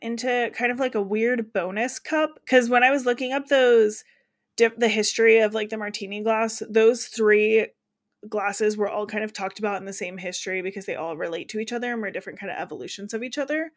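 Casual podcast co-host, American woman, higher voice, laughs easily. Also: fairly quick. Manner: chatty, laughs often, reads quotes aloud.

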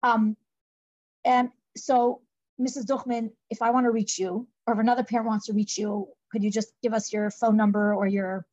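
A woman's voice: fairly high pitch, little pitch movement, normal speed, darkish tone, no echo. A woman hosting a podcast interview, effusive in her praise and offering blessings with Yiddish and Hebrew terms. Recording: dry, breathy, dull lo-fi audio.

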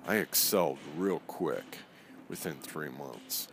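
Very deep gravelly man telling a story. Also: slow pace, faint music behind. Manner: animated, acts out quoted voices. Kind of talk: casual spoken storytelling.

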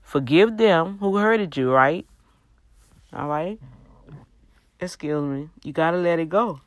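A tired woman hosting a livestream, giving a faith talk with slow, emphatic, exhorting repeats. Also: deep voice, dry recording. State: tired, yawning. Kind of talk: preachy casual livestream talk.

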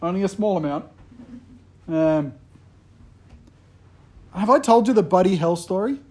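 A pastor giving a sermon in a relaxed, humorous storytelling way, often joking with the congregation. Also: male voice, high-pitched, unhurried.

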